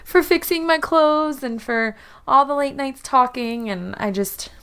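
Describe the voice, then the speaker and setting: A woman's voice: high voice, measured pace, fairly bright tone, voice pushed up. A woman playing a tearful, earnest young woman who pleads and apologizes.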